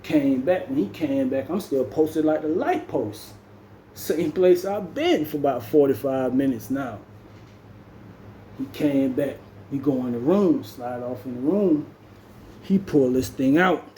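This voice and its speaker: A man's voice: mid-range voice, mellow, slight background noise. Jamaican man telling a story, roomy sound. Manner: slangy, peppers speech with "man". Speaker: storyteller vlogger. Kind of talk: casual storytelling.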